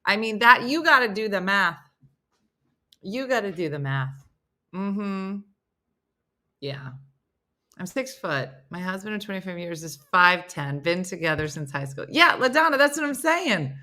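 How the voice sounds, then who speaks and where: A woman hosting a casual live chat from her home, answering viewer comments in an animated, chatty way. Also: lowish voice, measured pace, long pauses. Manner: animated and chatty, jumping between stories and asides. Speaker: host of a live chat show. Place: at home, indoors, with her dogs.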